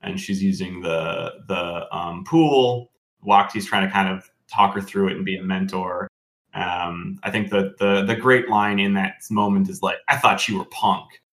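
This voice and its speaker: A man co-hosting a podcast, recapping scenes in casual, unhurried chat. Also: sits low, fairly even intonation, a bit bright. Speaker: podcast co-host.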